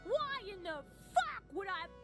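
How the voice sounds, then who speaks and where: Super high rude local, cusses nonstop, voice all over the place. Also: female voice, sing-song, unhurried, music in the background, heavily acted. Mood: hostile. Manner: rude, snappy, swearing. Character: foul-mouthed hostile woman, city local. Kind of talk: video game voice acting.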